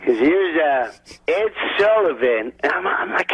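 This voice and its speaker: A man telling lively comic anecdotes, acting out the people he quotes. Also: fairly high pitch, normal speed, slightly rough, no room sound. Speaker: comedian guest. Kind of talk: storytelling anecdotes. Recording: dull lo-fi dry sound.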